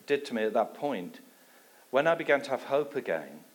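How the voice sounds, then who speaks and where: A man from England giving a sermon with a personal testimony, telling his story in a lively way and dropping his voice low for asides. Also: normal speed. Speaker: guest preacher.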